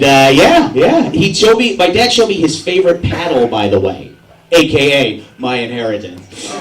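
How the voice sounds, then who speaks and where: A young man performing a stand-up set, rambling in an agitated, self-mocking way. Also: on the high side. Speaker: stand-up comedian. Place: veterans hall at an open mic night. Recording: roomy hall recording from a distance with audience.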